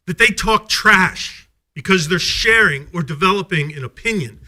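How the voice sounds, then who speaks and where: A man's voice: high voice, lively intonation, normal speed, hardly any pauses, pushed and bright. A man giving an angry, accusatory public comment at a school board meeting, full of rhetorical questions.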